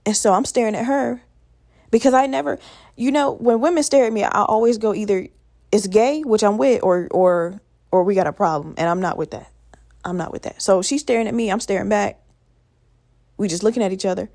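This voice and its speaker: Chatty young woman with a gravelly voice. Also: mid-range voice, fairly quick, darkish tone, dry recording, clean studio sound. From Virginia, USA. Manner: rambling, profane and chatty. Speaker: podcast host. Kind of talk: casual solo podcast rambling.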